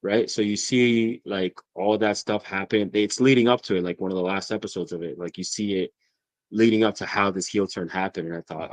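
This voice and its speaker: A man chatting as a podcast guest, excitable and profane, laughing often as he talks. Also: fairly low pitch, fairly quick, no echo. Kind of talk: casual chat.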